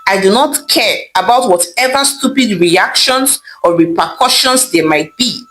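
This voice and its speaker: A woman's voice: medium pitch, animated, unhurried, fairly bright tone, soft background music, rough recording. A woman voicing a scornful young lawyer daughter, who mocks and dismisses what she hears. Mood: mocking. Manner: mocking, dismissive, laughing.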